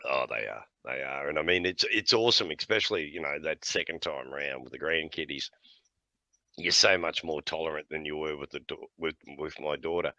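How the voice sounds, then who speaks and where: A man's voice: extremely low pitch, brisk, bright, forceful tone, dry recording. A middle-aged man telling blunt, profane stories in casual chat, often laughing between lines. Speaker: podcast host.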